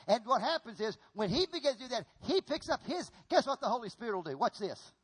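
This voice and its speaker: Male preacher, middle-aged, high voice, animated folksy delivery, repeats phrases. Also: quick pace, hardly any pauses, slightly rough. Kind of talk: sermon with stage demonstration.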